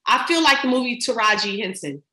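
A woman's voice: a little high, animated, brisk, bright, forceful tone. A middle-aged woman talking as a podcast guest in casual chat, emphatic and slangy as she gives advice. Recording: roomy echo.

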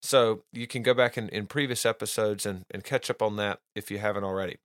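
A man's voice: on the low side, steady tone, a little fast, fairly bright tone, dry recording, clean studio sound. A man hosting a podcast, teaching doctrine in an earnest, casual monologue, often restarting and repeating words and reading quotes aloud.

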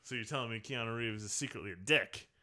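Podcast co-host, man, mid-pitched with a bright, sharp tone; blunt and jokey. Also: fast. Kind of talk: casual chat.

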